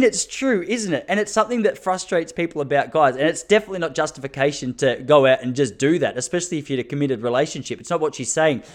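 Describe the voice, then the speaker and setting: On the high side and expressive, this Australian man's voice moves fast with hardly any pauses. He's in his thirties, hosting a casual solo podcast, talking intensely and laughing between his points.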